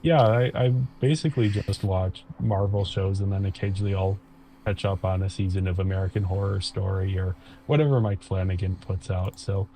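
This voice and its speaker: A man's voice: deep voice, a little fast, warm tone, slight background noise. A man chatting casually as co-host, in an easygoing, hesitant way with frequent ums. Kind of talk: casual chat.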